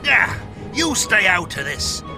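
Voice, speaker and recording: A man voicing a gruff, boastful British pirate with pirate slang in a podcast skit. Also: high voice, big pitch swings, takes it slowly, over music, full character voice. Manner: pirate slang, growled "arr".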